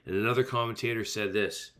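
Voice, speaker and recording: Deep-voiced pastor preaching earnestly. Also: male voice, steady tone, fast, fairly bright tone. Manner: earnest, emphatic preaching with repeated rhetorical phrases. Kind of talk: sermon.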